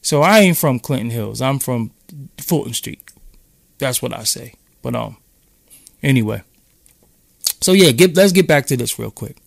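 A man's voice: medium pitch, lively intonation, measured pace, vocal fry, long pauses, dry recording, studio quality. A man from Brooklyn with a New York accent, rambling in casual, profane street talk as he hosts a live-stream chat. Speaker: podcast host.

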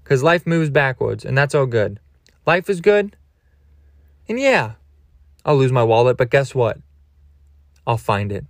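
A man's voice: medium pitch, sing-song, unhurried, long pauses, dry recording, studio quality. Goofy rambling male podcast host. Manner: crude, goofy, rambling storytelling. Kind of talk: rambling comedic monologue.

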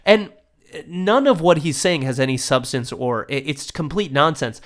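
Animated man joking on a podcast. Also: on the high side, moderate pace. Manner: animated, jokey, stammering restarts. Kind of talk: casual podcast discussion.

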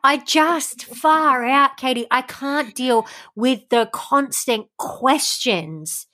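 This is a young woman co-hosting a casual podcast. Her voice sits a little high. She gushes and laughs easily as she chats. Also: slow. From Australia. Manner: gushing, animated, laughs often. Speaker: podcast co-host. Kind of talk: casual chat.

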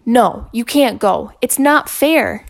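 Lady doing a little boy, upset and defiant, yells slow and high, kinda gravelly. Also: animated, exaggerated voice. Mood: angry. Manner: childish, slow shouted outbursts. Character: upset defiant young schoolboy.

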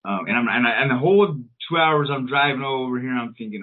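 A man in his thirties co-hosts a podcast, spinning a long, loose story packed with swearing and filler words. He talks fast and animatedly in a medium-pitched voice. The sound is tinny and phone-like.

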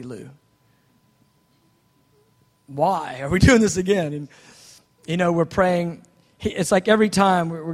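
Guy preaching in a big echoey hall, kinda high voice, goes quiet then loud telling his story. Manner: animated storytelling, swings from soft asides to loud outbursts. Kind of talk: sermon testimony. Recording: long hall reverb.

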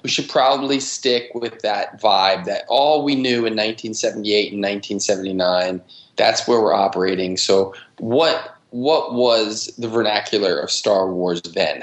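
Brief: male director guest, lowish voice, intense and emphatic about his work. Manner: emphatic, driven, talks about craft intensely. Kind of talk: casual interview talk.

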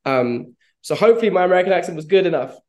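A man's voice: high voice, expressive, racing, darkish tone. A man, an actor answering interview questions in a reflective, rambling way, with frequent laughs. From London, England. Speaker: actor guest.

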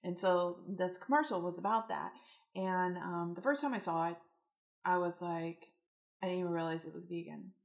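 A woman in casual spiritual-coaching talk, with a low, gravelly voice. She speaks in an animated, rambling way and slips into acting out the voices in her stories. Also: normal speed. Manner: animated, acts out quotes, rambling.

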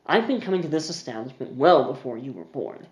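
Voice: mid-range voice, expressive, a little fast, a little mellow, echoey room, lightly acted. A game master voicing a pompous older male bar patron who blusters in indignation. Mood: smug. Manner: indignant, puffed-up.

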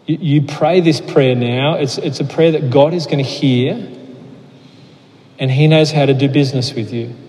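A man preaching as a pastor, earnest, often restarting his words, then leading a slow prayer. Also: mid-range voice, dark tone. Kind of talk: sermon. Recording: long hall reverb.

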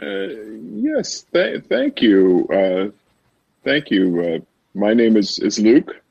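A man playing a tabletop game, speaking in character with halting, stammering speech. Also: fairly low pitch, very animated, gravelly, husky, dull audio. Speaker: player. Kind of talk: in-character role-play.

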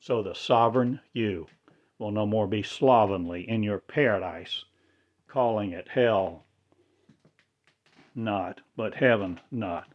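A man delivering a rambling spiritual monologue in halting, oddly inverted phrasing. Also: on the low side, highs cut off.

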